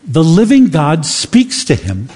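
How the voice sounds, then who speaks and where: Husky-voiced man preaching in a hall. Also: a little high, huge pitch swings, slow, mellow. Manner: earnest, builds to emphatic questions. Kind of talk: sermon.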